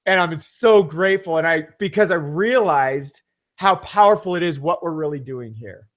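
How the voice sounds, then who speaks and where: A man co-hosting a webinar, giving a fervent, rambling sales pitch that repeats his points for emphasis. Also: expressive, moderate pace. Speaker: webinar co-host pitching a business system.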